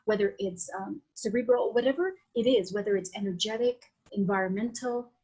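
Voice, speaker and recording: A woman's voice: medium pitch, a little fast, a little mellow, husky, low-quality recording. A woman with a Latin American Spanish accent, a guest on a podcast interview, talking in a flowing, reflective way with many restarts and fillers. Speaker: guest, Vedic astrologer.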